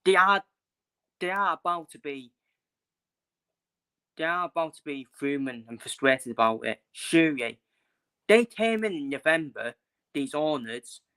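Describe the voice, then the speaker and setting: Frustrated young man ranting, bright voice. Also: a little high, expressive, unhurried, long pauses, clean tone. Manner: frustrated, repetitive, blunt with swearing. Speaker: football fan vlogger. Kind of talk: casual opinion rant.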